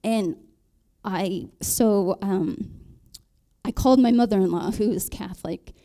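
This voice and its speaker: A married woman on a panel, telling her conversion story in a halting way, with many ums and restarts. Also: mid-range voice, warm tone. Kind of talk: personal testimony in a panel talk.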